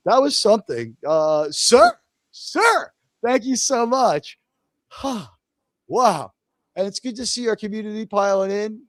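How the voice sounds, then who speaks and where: A man in his fifties hosting a casual live stream, excitable and rambling as he greets viewers one by one. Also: sits high, slow pace, no echo.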